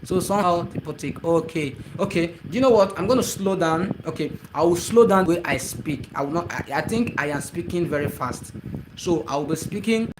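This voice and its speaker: A young man with a high voice chats casually with viewers on his live stream. He calls out to them by name and says the same phrases over and over. Loud noise and passing traffic sit behind his voice. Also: brisk. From Nigeria.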